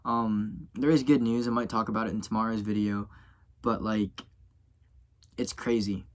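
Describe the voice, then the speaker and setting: A man's voice: on the low side, steady tone, normal speed. A young man from Louisiana, a college student vlogging to camera in a rambling, tired way, full of fillers and self-corrections. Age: young adult. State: tired and yawning. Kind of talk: casual vlog talk to camera.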